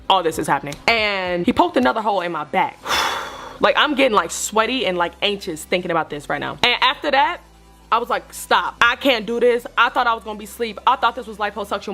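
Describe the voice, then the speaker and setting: A young woman talks straight to her viewers about something personal. She is candid and animated and swears freely. Faint music plays under her voice. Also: medium pitch. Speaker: vlogger telling a personal story. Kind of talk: casual storytelling to viewers.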